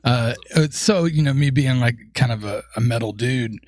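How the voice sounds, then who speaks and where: A man with a deep, raspy voice, chatting eagerly as a podcast guest. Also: normal speed, a little mellow, dry recording. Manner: enthusiastic, laughs easily. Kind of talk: casual podcast chat.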